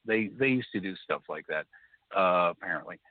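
A man calling in to a talk show, telling a story in a rambling, halting way with many restarts. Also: deep voice, animated, dry recording. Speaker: caller. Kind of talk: casual phone conversation. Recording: tinny phone line, dry.

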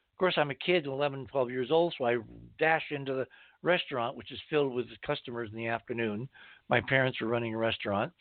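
A man's voice: mid-range voice, dry recording. Man telling stories over a tinny line. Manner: storytelling, rambling anecdotes. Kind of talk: casual talk-radio conversation. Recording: tinny phone-like line, dry.

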